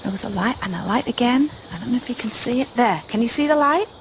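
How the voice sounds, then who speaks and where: A woman with a fairly high, expressive voice talks fast as she hosts a paranormal show alone in the woods at night, with slight background noise. She calls out to spirits in a frightened whisper, jumpy and nervous, with bursts of anxious humour.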